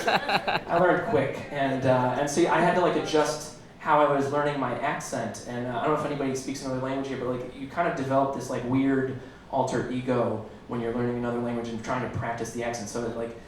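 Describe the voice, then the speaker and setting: A man in his thirties from Illinois doing a stand-up set, rambling and self-deprecating with halting fillers, recorded in a roomy club from far off with an audience. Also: medium pitch, fairly even intonation. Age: 30s. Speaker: stand-up comedian. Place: small comedy club stage.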